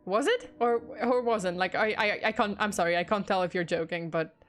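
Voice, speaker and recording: A woman's voice: medium pitch, brisk, faint music behind. A young woman telling a true crime story on a livestream, greeting chat viewers between parts and laughing and swearing casually. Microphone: desktop USB mic.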